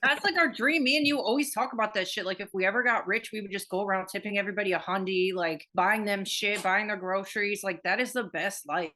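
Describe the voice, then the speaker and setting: A woman's voice: mid-range voice, fast talker, few pauses, sharp tone. A woman co-hosting a podcast in casual chat, talking with lots of fillers and casual swearing. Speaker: podcast co-host.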